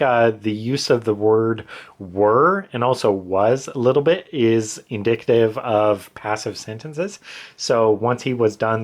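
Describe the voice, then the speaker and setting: A man with a somewhat low voice talks casually over his own screen, walking through edits one by one. He rambles, restarts sentences and leans on fillers as he thinks aloud. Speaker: author explaining his edits. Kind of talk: casual explanation to camera.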